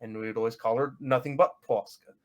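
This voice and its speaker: A man's voice: mid-range voice, steady tone, fast talker. A man from the United States who grew up bilingual, chatting casually on a podcast panel and explaining with examples. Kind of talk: casual chat.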